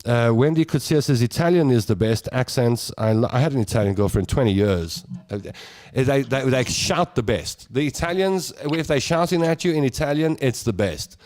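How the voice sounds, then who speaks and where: A man's voice: medium pitch, normal speed, a little mellow. A man hosting a radio show, chatting and laughing with his co-hosts and reading out listener comments. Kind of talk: casual studio banter.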